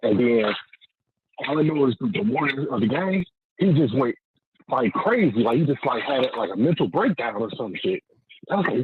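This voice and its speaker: Caller on a muffled phone line. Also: male voice, mid-range voice, normal speed, crowd noise. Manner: rambling, animated, swears freely. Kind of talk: casual storytelling on a call-in show.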